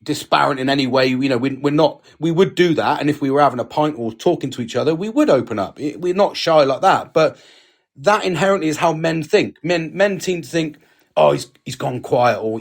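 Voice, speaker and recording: A man's voice: on the high side, lively intonation, brisk, gravelly. A British man co-hosting a casual podcast chat, frank and sweary, talking with emphasis. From United Kingdom. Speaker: podcast co-host.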